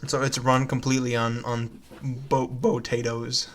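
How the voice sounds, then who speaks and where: A young man rambling through a laid-back comedy podcast, trailing off with fillers and laughing at his own crude jokes. His voice sits at an ordinary middle pitch, with a faint hiss of noise behind it. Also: level tone, unhurried. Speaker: podcast co-host. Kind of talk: casual comedic chat.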